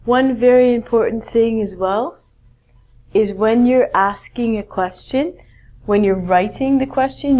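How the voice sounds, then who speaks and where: A woman's voice: mid-range voice, slow pace, darkish tone. A woman teaching a basic grammar lesson, patient and encouraging, explaining step by step. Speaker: English teacher.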